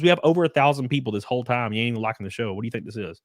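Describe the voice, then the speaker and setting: A man's voice: on the low side, expressive, rapid-fire, hardly any pauses, no room sound, studio quality. Alabama-accented man hosting a livestream. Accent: Southern US, Alabama. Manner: crude, joking, calls out chat by name. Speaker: podcast host. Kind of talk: casual livestream chat.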